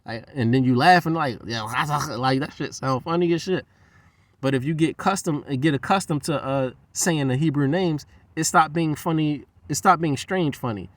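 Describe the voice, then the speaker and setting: A man's voice: fairly high pitch, normal speed, dry recording. A man talking in a loose, profane, rambling monologue. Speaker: host.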